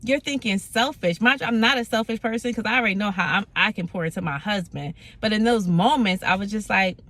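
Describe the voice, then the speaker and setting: A woman telling a personal faith story in a casual, animated way, acting out the voices in it and laughing at herself. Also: mid-range voice, fairly quick, hardly any pauses. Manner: animated, dramatic, acts out voices in her stories; laughing, self-mocking. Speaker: vlogger sharing a faith testimony.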